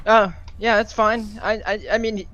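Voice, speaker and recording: A man's voice: high voice, little pitch movement, normal speed, bright, forceful tone. A man speaking defensively as a guest in a livestream debate. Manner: defensive, exclaiming. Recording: dull lo-fi audio.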